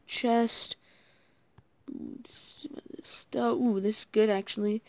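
A woman giving casual, excitable commentary while playing a game, talking to her viewers and admitting she is nervous. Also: medium pitch, slow, vocal fry. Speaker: gaming video creator.

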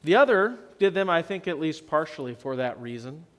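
A man preaching a sermon as pastor, telling the story in a conversational way and swinging between loud and soft for emphasis. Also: a little high, sing-song, fairly quick. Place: church sanctuary. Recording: long church reverb.

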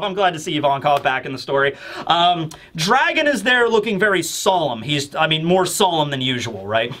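A man's voice: high voice, animated, moderate pace, bright, forceful tone. A man hosting a casual manga chapter review, rambling and chatty with many fillers.

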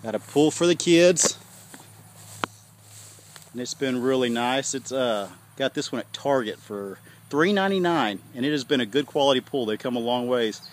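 A man rambles easily through a tour of his farm, talking to his viewers like old friends. His voice sits at an ordinary middle pitch, recorded outdoors on a handheld phone with a faint hiss and sheep bleating now and then. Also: expressive, normal speed. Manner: rambling, folksy, talks to viewers as y'all. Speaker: homesteader showing his farm. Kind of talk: casual walking tour vlog. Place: outdoors on a farm in hot weather. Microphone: phone camera held while walking. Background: sheep and goats bleating.

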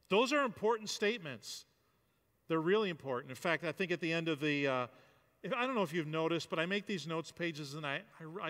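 A man's voice: a little high, pushed and bright. A male pastor preaching a sermon in a loose, conversational way, with fillers and restarts. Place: church hall. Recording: long hall reverb.

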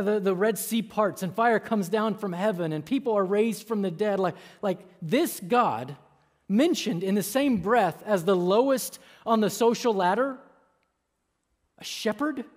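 A man preaching a sermon as a pastor in a church, conversational, with frequent restarts and asides to the congregation. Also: high voice. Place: church sanctuary.

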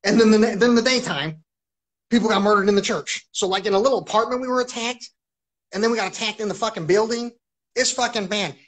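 A man with a fairly high voice hosts his own live stream and talks on at length. His delivery is agitated and full of swearing. He loops back and repeats phrases as he goes. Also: brisk, fairly bright tone. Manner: profane, agitated, repeats himself. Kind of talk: rambling live-stream monologue.

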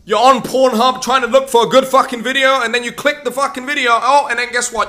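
A young man delivering a profane comedic rant, swearing constantly and bursting into shouts. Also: extremely high pitch, fairly even intonation, brisk, few pauses. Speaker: comedy ranter.

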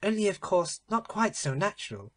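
A man's voice: sits high, very animated, normal speed, pitched above the performer's own voice. A man voicing a haughty, spoiled young princess who mocks and gives orders in a raised voice. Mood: mocking, imperious. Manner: mocking, imperious.

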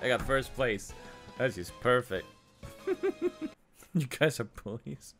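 A man streaming a racing game, reacting out loud with yelps, groans and laughs as he plays. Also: medium pitch, expressive, takes it slowly, pauses often, soft background music. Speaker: gaming streamer. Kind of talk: live game commentary.

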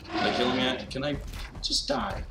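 A young man commentating his gameplay, swearing and breaking into panicked shouts. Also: medium pitch, huge pitch swings, normal speed, vocal fry, distant mic. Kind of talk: let's play commentary. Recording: roomy, off-mic, noisy background.

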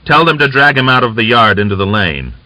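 A man's voice: mid-range voice, sing-song, fairly quick, pushed and bright, no room sound, voice pushed up. A man voicing a cold, bold male Cossack executioner who speaks with mocking bluntness. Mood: excited. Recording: dull lo-fi audiobook recording.

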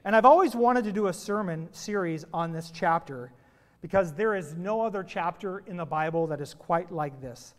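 A man's voice: high-pitched, normal speed. A man preaching to his congregation, telling playful jokes before his sermon. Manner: playful, animated joke-telling. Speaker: pastor. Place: church sanctuary. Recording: long reverb of a church hall.

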